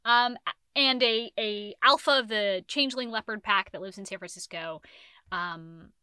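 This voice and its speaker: A woman co-hosting a casual book podcast, rambling and animated, correcting herself and laughing as she talks. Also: medium pitch, dry recording. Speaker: podcast co-host.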